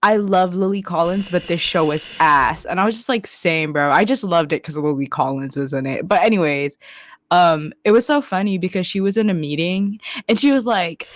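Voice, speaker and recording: A young woman co-hosting a casual podcast, talking in an animated, giggly way and filling her speech with "like". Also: on the low side, moderate pace. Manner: animated, giggly, heavy use of "like". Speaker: podcast co-host. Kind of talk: casual chat.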